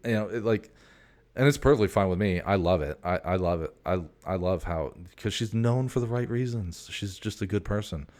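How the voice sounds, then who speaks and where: A man's voice: lowish voice, normal speed, darkish tone. A man in his forties hosting a casual, rambling monologue, a profane storyteller who keeps drifting off on tangents. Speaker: host.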